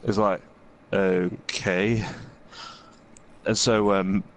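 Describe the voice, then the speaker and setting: Male gaming host, somewhat low voice, loose rambling anecdote delivery. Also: flat delivery, extremely slow, slight background noise. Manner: rambling, full of fillers and "he's like" asides. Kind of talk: casual storytelling while playing a game.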